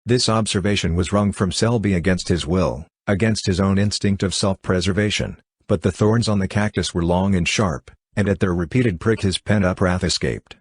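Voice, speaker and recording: A man narrating a classic novel as an audiobook in a steady, even reading. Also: sits low, moderate pace, few pauses, husky, dry recording, studio quality. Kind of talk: scripted narration.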